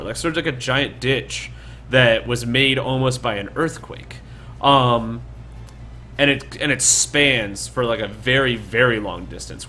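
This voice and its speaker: A man's voice: mid-range voice, bright, forceful tone, a little hiss or hum. A young man narrating casually as dungeon master, rambling with lots of fillers. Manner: rambling, filler-heavy, laid-back. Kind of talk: casual tabletop game narration.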